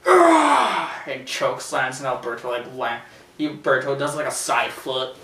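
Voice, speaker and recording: A man's voice: medium pitch, steady tone, normal speed. Rambling man in a roomy room. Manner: rambling and hesitant, full of fillers and restarts; bursts into loud shouted impressions while retelling action. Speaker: show host reviewing a wrestling event. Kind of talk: casual spoken review. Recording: roomy, distant from the mic, faint noise.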